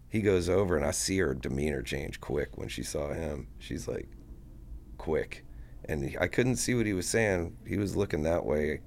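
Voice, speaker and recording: A man with a very deep voice that drops into a gravelly fry, speaking as a podcast guest. He spins a rambling anecdote in loose, casual talk laced with swearing. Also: a little mellow. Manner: profane, rambling anecdote-telling. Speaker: guest musician. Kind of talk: casual storytelling interview.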